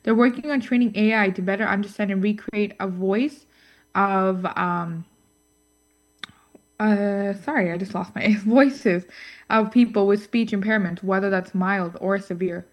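A woman co-hosts a scripted podcast segment, reading her lines in a middle-pitched voice. She stumbles now and then, fills pauses with ums and drops in playful asides. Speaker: co-host. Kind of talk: scripted podcast chat on voice technology.

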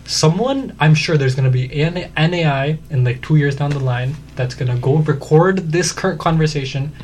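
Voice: mid-range voice, normal speed, a little mellow, slight background noise. A young adult in casual chat among friends, slangy and laid-back. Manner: slangy, laid-back, says bro a lot.

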